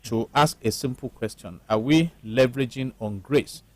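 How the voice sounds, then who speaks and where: A man, a lawyer on a panel, explaining his views in a measured, lecturing way. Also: mid-range voice, a little mellow, no echo. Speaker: lawyer guest. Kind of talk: panel discussion.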